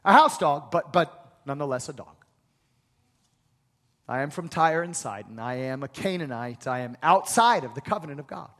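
Man playing a humble ancient Canaanite woman, quiet and self-abasing, for a sermon, with a high voice in a reverberant hall. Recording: long reverb of a large hall.

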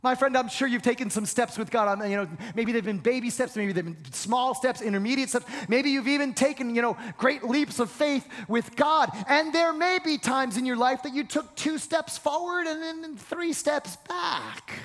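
A man preaches in a strikingly high voice, pressing his points with repetition and questions to his listeners. His words ring out with a long hall reverb behind them. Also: normal speed, hardly any pauses. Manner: emphatic, repeats phrases, asks the congregation questions, occasional shouts. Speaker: pastor. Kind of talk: sermon.

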